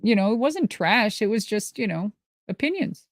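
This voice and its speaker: A woman from Minnesota spins a casual story with loose, salty energy and easy laughs. Her voice sits at a middle pitch and comes through a dry, close mic with no room sound. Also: normal speed, dry recording. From Minnesota, USA. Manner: lively, profane, laughs often. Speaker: guest answering live questions.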